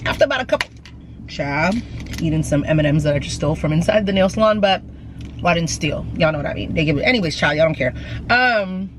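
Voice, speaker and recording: A woman's voice: deep voice, lively intonation, fast. A pregnant woman in her thirties chats casually and candidly to her viewers, calling them y'all and mixing in plenty of slang. She records herself on a handheld camera, mostly from her car and at home. A faint hum of car and room noise sits behind her voice. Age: 30s. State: heavily pregnant. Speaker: vlogger. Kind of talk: chatty vlog talk.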